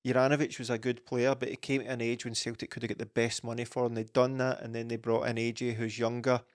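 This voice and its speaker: A man on a football podcast giving a measured, steady read on a defender. His pitch barely moves, staying level and even as he talks. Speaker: podcast co-host. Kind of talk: casual football podcast chat.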